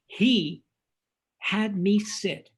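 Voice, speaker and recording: An older man, a film director guest in an interview, telling animated anecdotes and acting out what people said. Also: high-pitched, drawn-out words, breathy edge, low-quality recording. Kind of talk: casual storytelling interview.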